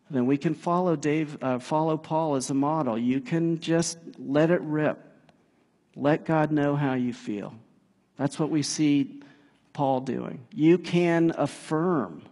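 A man preaching a sermon in a casual, animated way, building to emphatic peaks. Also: on the high side, slow. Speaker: pastor. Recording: long hall reverb.

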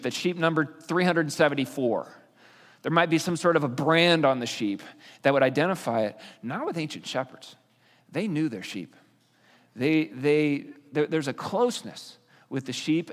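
A man's voice: on the high side, fairly bright tone. A man teaching a sermon in a conversational way, explaining with fillers and restarts. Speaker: pastor. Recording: long reverb of a hall.

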